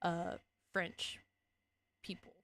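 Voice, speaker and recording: A woman's voice: extremely slow, fairly bright tone. A young woman from Louisiana with a Cajun accent, chatting casually as a streamer, rambling, correcting herself and laughing often. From Louisiana, USA. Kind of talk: casual chat.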